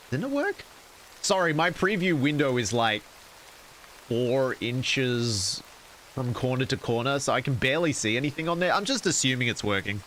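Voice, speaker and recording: A man's voice: medium pitch, a bit bright, a little hiss or hum, rough recording. A man streaming, casually reading a horror story aloud and cracking jokes to chat. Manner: casual, wisecracking asides to chat.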